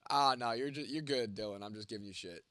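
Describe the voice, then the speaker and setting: A man's voice: medium pitch, fast talker, a bit bright, clean tone, dry recording, studio quality. A young man with a congested, fading voice, hosting a casual livestream and answering chat in a blunt, profane, joking way. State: congested, voice going, coughing. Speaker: livestream host reading chat.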